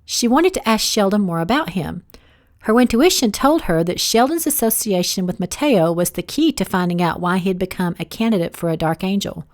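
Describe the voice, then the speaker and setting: A woman's voice: medium pitch, a little fast. Woman narrating her own romance novel. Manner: steady reading, voicing each character. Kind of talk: audiobook narration.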